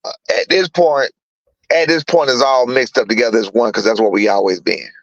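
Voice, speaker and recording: A middle-aged boxing trainer speaks bluntly in a casual interview, circling back to his points and cursing freely. His voice is forceful and bright. The sound is dry, close and slightly muffled. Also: medium pitch, fairly even intonation, fairly quick, dry recording. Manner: blunt, repetitive, swears freely.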